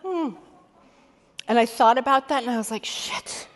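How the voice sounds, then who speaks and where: A woman's voice: on the high side, normal speed. Woman coach doing a keynote, blunt and chatty, swears a bit, big echoey hall sound. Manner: candid, conversational, casually swearing. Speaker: keynote speaker and executive coach. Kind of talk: motivational keynote talk. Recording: long hall reverb.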